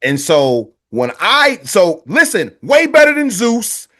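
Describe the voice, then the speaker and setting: A man in a casual podcast conversation, telling a folktale in animated, slangy speech and laughing as he goes. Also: high voice, takes it slowly. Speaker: guest storyteller on a history podcast. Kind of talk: casual storytelling.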